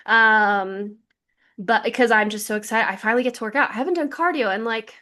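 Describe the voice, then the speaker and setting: A woman co-hosting a podcast, telling stories in a lively casual chat full of "like" fillers. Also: a little high, fairly quick. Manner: lively storyteller, many "like" fillers. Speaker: podcast co-host.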